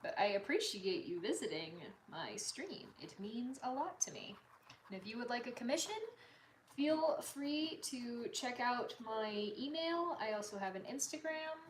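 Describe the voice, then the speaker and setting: Her expressive voice is on the high side and measured in pace, with slight background noise. An artist streamer, she chats casually with livestream viewers, reading their comments aloud and often apologizing, recorded on a distant mic in a roomy space.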